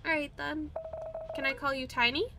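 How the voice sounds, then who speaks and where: A woman reading a gentle, reassuring guide. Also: sits high, fairly even intonation, moderate pace, very noisy, voice pushed up.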